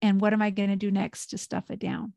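A woman co-hosting a casual podcast, openly sharing her own habits in a relaxed, conversational way. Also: mid-range voice, fairly quick, vocal fry, no echo, clean studio sound. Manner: open, shares personal habits, relaxed filler-laden speech. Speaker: podcast co-host.

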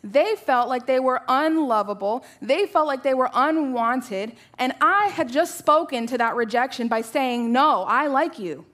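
A woman in her thirties preaching a sermon to a church, telling personal stories in a conversational, animated way with many rhetorical questions. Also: high-pitched, unhurried, hardly any pauses.

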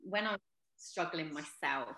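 A woman with a low voice talks earnestly as a podcast guest, thinking aloud with ums and restarts. The sound has a roomy echo. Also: moderate pace, pushed and bright. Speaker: podcast guest, mental health advocate. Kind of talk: casual podcast interview.

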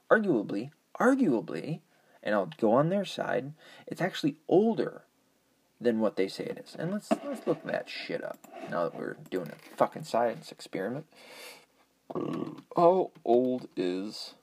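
Husky, profane ranting man. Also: mid-range voice, a little mellow. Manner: profane, rambling, argumentative. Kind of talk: casual ranting monologue.

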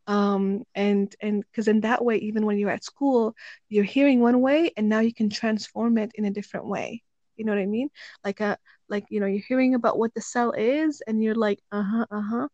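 A woman and parent chatting casually, telling animated stories and acting out quotes. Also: medium pitch, moderate pace, no room sound, highs cut off. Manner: animated storyteller who acts out quotes. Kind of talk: casual chat.

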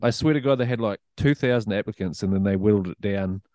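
Middle-aged man, New Zealand accent, low voice, dry close sound, casual swearing storyteller. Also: fast, no room sound. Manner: swears freely, animated anecdotes. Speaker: podcast guest.

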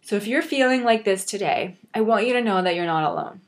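A woman's voice: medium pitch, expressive, a little fast. A young woman hosting a motivational podcast, speaking earnestly and encouragingly and addressing the listener directly. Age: young adult. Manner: earnest, encouraging, self-reflective. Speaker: podcast host.

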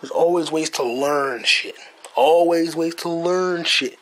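A man's voice: a little high, takes it slowly, a bit bright, a little hiss or hum. A man in his twenties with an American accent, hosting a podcast as a casual solo monologue, profane and joking, stumbling over his words. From United States. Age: 20s. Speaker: podcast host.

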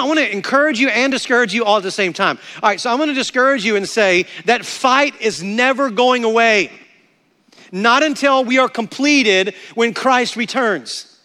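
A man's voice: very high-pitched, sharp tone, in a large hall. A man preaching a sermon as pastor, emphatic and repeating words for stress.

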